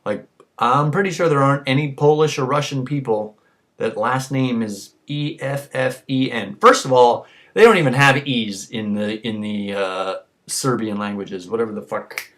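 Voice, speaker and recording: A man's voice: medium pitch, normal speed, a bit bright. A tipsy man talking to camera in a rambling, crude rant full of swearing. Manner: crude, ranting, swears constantly. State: tipsy from drinking. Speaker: vlogger. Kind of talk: rambling profane monologue to camera.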